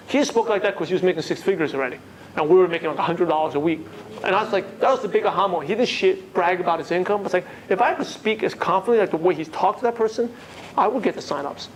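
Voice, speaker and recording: A man with a non-native English accent, coaching a live audience in a lively way and asking the room questions. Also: sits high, quick pace, slight background noise, poor audio. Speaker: network marketing trainer. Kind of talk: seminar talk to a live audience.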